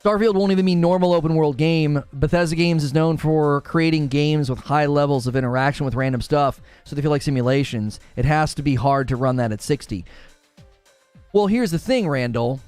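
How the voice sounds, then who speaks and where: A man's voice: fairly high pitch, brisk, darkish tone, clear, resonant tone, faint music behind. A young man from Northern Ohio, a gaming streamer, chatting casually with his live chat, teasing viewers and laughing often.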